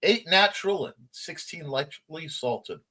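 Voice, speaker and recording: A man's voice: on the high side, animated, measured pace, bright, forceful tone. A man hosting a casual livestream morning chat, reading viewer comments aloud and laughing along. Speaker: host.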